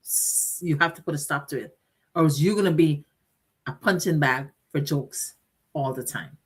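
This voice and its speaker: A woman's voice: deep voice, moderate pace, breathy edge. A middle-aged woman hosting a motivational talk show, speaking earnestly and directly to her listeners and repeating phrases for emphasis. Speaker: host.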